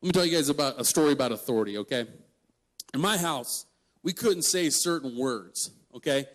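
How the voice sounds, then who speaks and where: A man in his twenties giving a storytelling sermon to young people, animated and joking, laughing mid-story. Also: mid-range voice, brisk. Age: 20s. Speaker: guest youth speaker.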